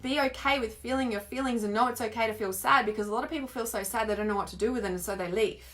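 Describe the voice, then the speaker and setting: An Australian woman giving a casual, chatty spiritual teaching talk, expressive and full of filler words. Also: a little high, fast.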